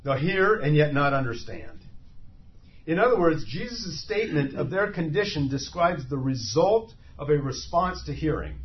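Guy preaching, lively up and down voice, a bit high, gets loud and pleading, kinda dull lo-fi recording w faint hiss. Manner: impassioned, rises to loud emphatic cries; asks the listeners rhetorical questions. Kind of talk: sermon. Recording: slightly dull lo-fi sound with faint noise.

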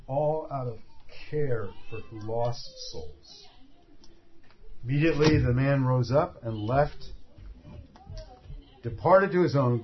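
A man preaching a sermon, telling the story vividly and acting out the scenes as he goes. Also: medium pitch. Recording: dull lo-fi recording.

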